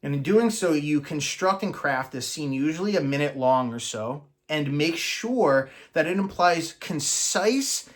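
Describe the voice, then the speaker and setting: Earnest man coaching, a bit high. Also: lively intonation, a little slow, hardly any pauses. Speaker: manifesting coach. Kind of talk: explanatory teaching monologue.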